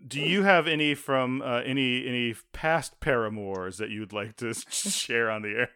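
A man's voice: medium pitch, bright, forceful tone, smooth. A man in his thirties co-hosting a casual podcast chat, talkative and laughing between his stories. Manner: chatty, laughing, quick asides. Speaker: podcast co-host.

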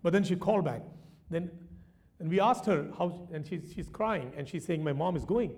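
A male pastor preaching a sermon in a church. He is animated, often throws questions to the congregation and at times drops into quiet, personal storytelling. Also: high voice, normal speed.

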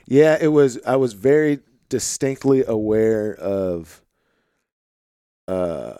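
A laid-back male podcast host with an Arkansas-tinged Midwestern accent and a low voice. He rambles easily with plenty of fillers. The sound is dry and close, with no room echo. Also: slow pace, clear, resonant tone. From St. Louis, Missouri. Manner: relaxed, rambling, filler-heavy. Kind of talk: casual conversation. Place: home office.

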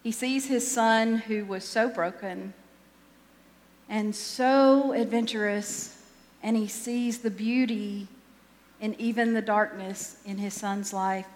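A woman's voice: on the high side, steady tone, takes it slowly, a little mellow, big-room sound. A woman pastor giving a sermon in a conversational, self-deprecating way, often restarting her sentences.

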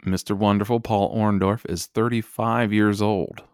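Male podcast co-host, low voice, dry close sound, eager rambling chat. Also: fairly even intonation, normal speed, no echo. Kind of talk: casual chat.

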